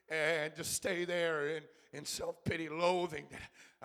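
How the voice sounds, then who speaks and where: A man's voice: high-pitched, flat delivery, measured pace, creaky. A man preaching a sermon at a church service, fervent and rhythmic, repeating his phrases and breaking in with hallelujahs.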